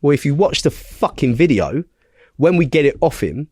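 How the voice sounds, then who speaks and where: A man's voice: fairly high pitch, moderate pace, slightly rough, dry recording, clean studio sound. Blunt, swearing man telling a story. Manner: blunt, heavy swearing, animated retelling; checks in with the listener with tag questions. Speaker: podcast guest. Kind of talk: casual storytelling in conversation.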